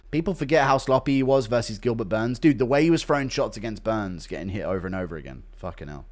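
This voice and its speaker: A man's voice: lowish voice, fast talker, hardly any pauses. A man hosting a livestream, reading chat donations and ranting with heavy swearing. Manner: profane, ranting, animated. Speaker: livestream host.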